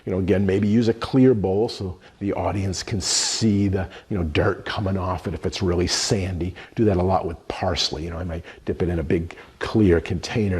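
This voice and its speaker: In a low, darkish, slightly rough voice, a middle-aged man teaches a cooking lesson as a culinary instructor, explaining every step while his hands do the work.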